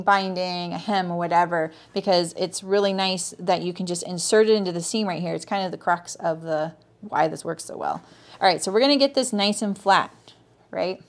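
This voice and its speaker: A woman hosting a live sewing tutorial, talking viewers through each step in a chatty way, greeting them by name and checking in with "right?". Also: mid-range voice. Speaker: sewing teacher and livestream host.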